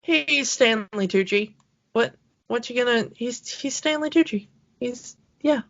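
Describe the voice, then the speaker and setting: A woman co-hosting a podcast in casual chat, rambling with many fillers and quick laughs. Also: a little high, vocal fry, a bit bright, muffled recording. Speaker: podcast co-host.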